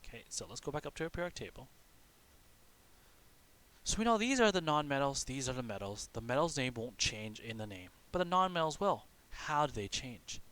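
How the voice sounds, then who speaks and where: A man's voice: medium pitch, sing-song, brisk, fairly bright tone. A man teaching a recorded lesson, explaining step by step and asking and answering his own questions, often checking in with "okay". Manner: frequent "okay" check-ins.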